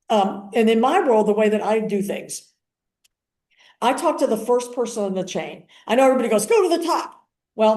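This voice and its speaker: An older woman talks through a training session in a loose, chatty way, slipping into the voices of people she quotes. Her tone is warm and mellow. The sound is roomy, with noticeable echo. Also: medium pitch. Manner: chatty, acts out quoted conversations. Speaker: activist and paralegal giving a training. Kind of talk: casual spoken training talk.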